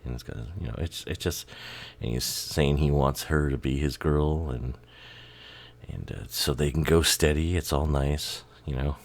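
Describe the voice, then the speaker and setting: A man's voice: extremely low pitch, steady tone, unhurried, no room sound. A man giving casual, rambling commentary over a music video, swearing and laughing, a bit tired and tipsy.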